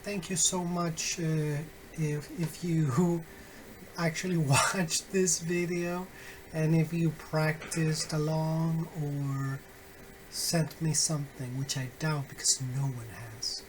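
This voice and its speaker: A man with a fairly high pitch and steady tone teaches phonetics in a recorded online lesson, speaking deliberately with lots of fillers and self-corrections. He adds wry, friendly asides to his students, and background noise is audible.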